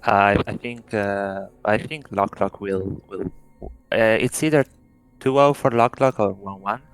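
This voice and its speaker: A man's voice: on the low side, steady tone, unhurried, smooth, rough recording. A man from Italy whose first language is Italian, speaking English hesitantly and repeating himself as a guest caster. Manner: hesitant, repeats words, agreeable. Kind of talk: casual esports banter.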